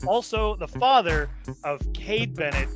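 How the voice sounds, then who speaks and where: A man's voice: high-pitched, expressive, unhurried, music in the background. A man talking as a guest on a casual chat show, joking and laid-back.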